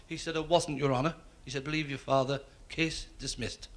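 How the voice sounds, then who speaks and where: Liverpool comedian telling jokes on stage. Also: male voice, fairly high pitch, fairly even intonation, a bit bright. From Liverpool, England. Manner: brisk joke telling, voices stuttering characters. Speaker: stand-up comedian. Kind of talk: stand-up joke telling. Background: audience laughter.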